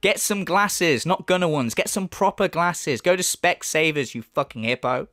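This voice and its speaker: A man's voice: fairly high pitch, moderate pace, a bit bright, no room sound. A man giving a sarcastic, profane ranting commentary as a YouTube commentator.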